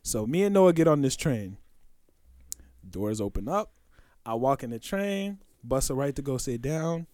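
A young man co-hosting a podcast, telling stories in a lively, slangy way and acting out the sounds and voices in them. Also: mid-range voice, measured pace, dry recording, studio quality. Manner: animated, slangy storyteller who acts out voices and sounds. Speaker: podcast co-host. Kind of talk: casual storytelling chat.

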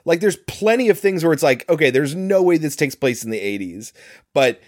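A man's voice: fairly high pitch, animated, fairly quick, dry recording, studio quality. A man co-hosting a podcast who recaps a movie in casual chat and goes off on explanatory trivia tangents. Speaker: podcast co-host.

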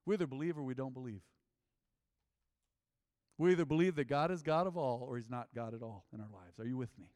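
A man's voice: mid-range voice, a little fast, long pauses, darkish tone, big-room sound. A man preaching a sermon as a pastor, emphatic and full of rhetorical questions.

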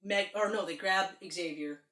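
Man, podcast co-host, excited movie talk, frequent swearing, roomy echo. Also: sits high, moderate pace. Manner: animated, swearing, excited retelling. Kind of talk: casual movie chat. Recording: echoey room.

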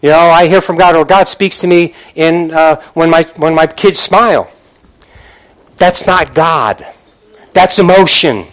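An older man, a pastor, preaching a sermon to his congregation, moving from quiet reflection to fervent exhortation and calling out to the room. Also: a little high, a little slow. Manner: builds from quiet musing to impassioned preaching; calls out "Amen?" and "come on" to the congregation.

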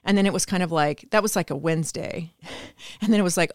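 A woman's voice: on the low side, a little fast, no room sound, clean studio sound. A middle-aged woman hosting a podcast, telling candid personal stories with quoted asides. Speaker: podcast host. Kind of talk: solo podcast monologue.

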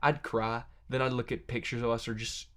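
A man's voice: mid-range voice, fairly even intonation, a little fast, a bit bright. A tired young man, a musician being interviewed, telling long rambling stories, swearing freely and laughing between lines. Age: young adult. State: tired from long hours awake. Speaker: musician guest. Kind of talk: casual interview chat.

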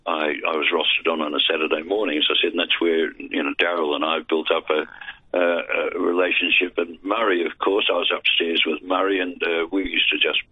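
An older Australian man with no teeth talks in a husky, low voice that's gummy from the missing teeth, keeping a level tone and a slightly fast pace. He's a veteran broadcaster and voice artist guesting on a casual interview, rambling through self-deprecating anecdotes with dry jokes. The sound is tinny, dry and close, like a phone line with no echo.

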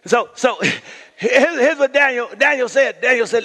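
Man, pastor, sermon, bright ringing voice, hushed to shouted, long church reverb. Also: very high-pitched, measured pace, vocal fry. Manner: emphatic preaching, drops to near-whisper and rises to shouts. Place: church sanctuary.

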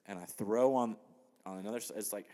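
Low-voiced man telling a fishing story. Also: fairly quick. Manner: animated storytelling with laughs and quoted asides. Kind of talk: casual storytelling chat.

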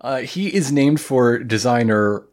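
A man's voice: mid-range voice, animated, a little slow, darkish tone. A man co-hosting a podcast, describing an anime episode in casual chat with wry, offhand remarks and fillers. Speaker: podcast co-host.

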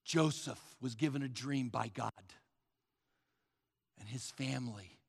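A man's voice: medium pitch, expressive, slow pace, creaky, pauses often, slightly rough, long reverb tail. A male pastor preaching a sermon with emphatic repetition, often addressing the crowd as folks.

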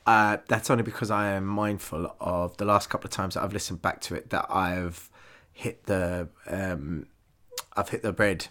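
A man's voice: deep voice, fairly even intonation, normal speed, bright, forceful tone. A man hosting his own podcast, rambling casually into a podcast microphone, swearing constantly and laughing easily. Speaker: podcast host. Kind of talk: casual solo podcast monologue.

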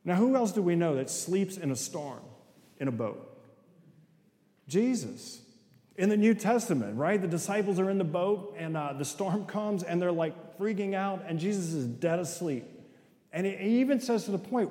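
A man's voice: on the high side, moderate pace, dark tone. A middle-aged man giving a sermon-style talk, telling stories, acting out voices and often asking the audience "right?". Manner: acts out voices in quotes. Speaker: speaker. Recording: echoey hall with long reverb.

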